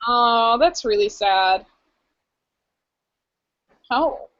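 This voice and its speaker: Young woman chatting on a podcast, kinda high voice, laughs a lot, muffled sound. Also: expressive, very slow, a bit bright. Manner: chatty and giggly, full of fillers. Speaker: podcast co-host. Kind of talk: casual chat.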